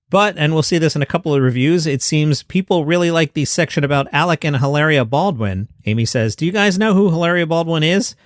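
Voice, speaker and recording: A man's voice: on the high side, a bit bright, no echo, studio quality. A man hosting a comedy news podcast, reading reviews aloud with wry, sarcastic asides. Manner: wry, sarcastic asides between read quotes.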